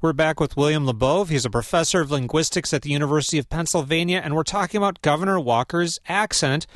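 A man hosts a public radio call-in show from a studio microphone. His voice sits a little high, and the room around him is completely dry. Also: fast, fairly bright tone, dry recording.

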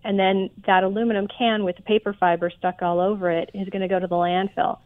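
A woman's voice: medium pitch, little pitch movement. Woman on a tinny phone line. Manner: explanatory, measured, with frequent ums. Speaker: guest, president of a recycling institute. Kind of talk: radio interview by phone.

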